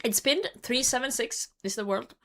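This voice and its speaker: A young woman streams from her home computer, chatting casually with viewers and laughing a lot while hosting a hide-and-seek game. Her voice is on the high side and fairly bright, at a normal speed.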